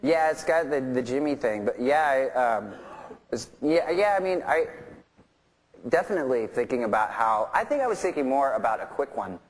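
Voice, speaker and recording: A rock musician appears as a guest in an onstage interview, his medium-pitched voice animated and moving at a normal pace. He tells stories casually and ramblingly, full of fillers, restarts and laughter. The audio quality is poor.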